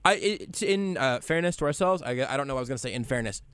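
A man's voice: on the high side, expressive, quick pace, fairly bright tone, clear, resonant tone, no room sound. A man hosting a sports radio call-in show in a studio, analyzing the game casually and often restarting his sentences. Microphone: studio microphone.

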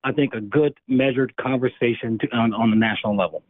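A hoarse man speaking as a guest in a phone interview, in a measured, earnest way. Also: mid-range voice, no room sound. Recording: tinny phone line, dry.

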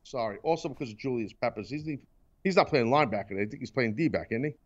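A man's voice: mid-range voice, lively intonation, fast talker, highs cut off. Teasing man ranting in mock anger. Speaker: talk show host. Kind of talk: casual sports and wrestling chat.

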